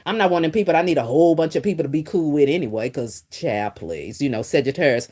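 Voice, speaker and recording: A woman's voice: low-pitched, lively intonation, quick pace, warm tone, slightly rough. A middle-aged woman hosting a casual gossip stream, talking back to viewer comments in a sassy, emphatic way and repeating points for effect. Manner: reads and answers viewer comments. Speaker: livestream host.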